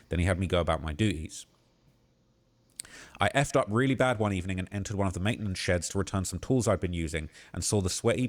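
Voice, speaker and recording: Male streamer with a low voice, reading a post aloud at a steady pace, prone to shocked outbursts. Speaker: livestream host.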